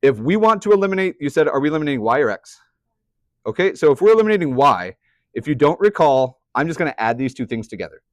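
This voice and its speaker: A man's voice: on the high side, very animated, fast, no room sound, clean studio sound. A young man teaching a math class, chatty, often putting questions to the students. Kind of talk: classroom lecture.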